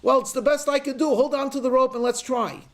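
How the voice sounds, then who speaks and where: A man's voice: very high voice, steady tone, brisk, pitched above the performer's own voice. A man voicing a helpful male fellow hiker who calls out urgent encouragement.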